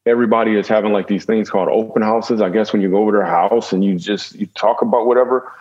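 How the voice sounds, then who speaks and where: Husky, lowish man, comedian guest, jokey storyteller, dull lo-fi recording. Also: steady tone, quick pace, darkish tone. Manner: jokey, with self-deprecating asides. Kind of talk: humorous storytelling in a conversation.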